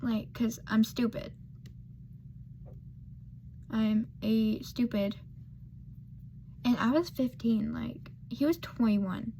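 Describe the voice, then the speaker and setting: A woman's voice: fairly high pitch, slow, creaky, long pauses, warm tone, slight background noise. An eighteen-year-old woman telling a personal story in a casual, rambling way, full of fillers and self-deprecating remarks, with murmured asides. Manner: murmured asides while doing makeup.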